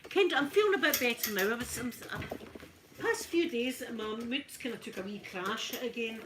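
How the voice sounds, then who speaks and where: A Scottish woman chatting casually to her live viewers while ironing, in a soft, emotional, friendly way. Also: on the high side, expressive, moderate pace, noisy background. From Scotland. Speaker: ASMR streamer.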